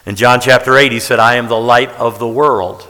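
A man's voice: mid-range voice, fairly even intonation, moderate pace, pushed and bright. Man teaching Scripture in a reverberant hall. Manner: plain, conversational teaching with repetition and restarts. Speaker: Bible teacher. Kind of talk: sermon-style Bible teaching.

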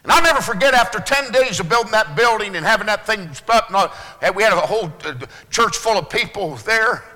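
Male pastor preaching in a church hall, high and sharply bright, loud bursts and quiet asides. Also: animated, brisk, hardly any pauses. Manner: swings between loud preaching and hushed low asides. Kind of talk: sermon. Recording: long hall reverb.

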